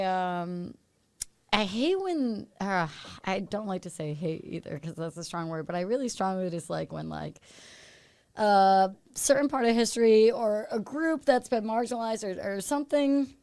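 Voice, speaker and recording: A woman hosting a comedy podcast, talking loosely with lots of cursing and quick to laugh. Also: mid-range voice, darkish tone, clean tone, no room sound. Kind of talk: casual podcast chat.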